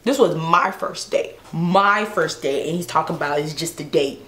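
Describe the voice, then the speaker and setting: Animated woman vlogger in her twenties. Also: deep voice, moderate pace, reverberant. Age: 20s. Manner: animated and exasperated, slangy. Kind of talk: storytime vlog.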